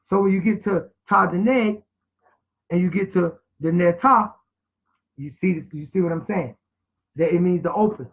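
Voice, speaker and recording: A man giving an informal class lecture in a preachy way, repeating words and spelling them out letter by letter. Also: high voice. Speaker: teacher. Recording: tinny phone-like sound.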